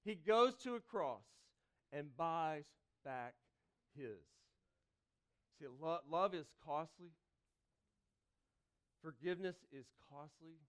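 A man delivering a sermon to his congregation in a church, with a high-pitched, crisp, resonant voice. He talks conversationally, with restarts and asides. He builds to loud calls, then drops to hushed, pleading phrases. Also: lively intonation, slow, pauses often. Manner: dynamic preaching, swinging between loud calls and hushed pleas. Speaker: pastor. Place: church sanctuary.

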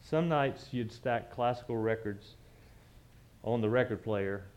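A man's voice: mid-range voice, unhurried, a little mellow. A man, telling a personal story from the pulpit in a conversational, reminiscing way with frequent restarts. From southern United States. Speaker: church speaker.

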